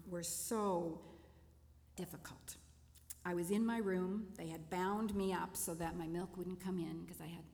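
An older woman shares a personal testimony, her voice slow to find words and tender. A gravelly edge runs through her speech. The sound carries a long reverb, as if from a large hall. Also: fairly low pitch. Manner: gentle, emotional, halting storytelling. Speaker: testimony speaker.

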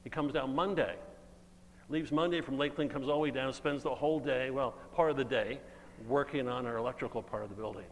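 A man's voice: mid-range voice, brisk. Guy preaching a sermon, earnest and emphatic, long church reverb, faint hum underneath.

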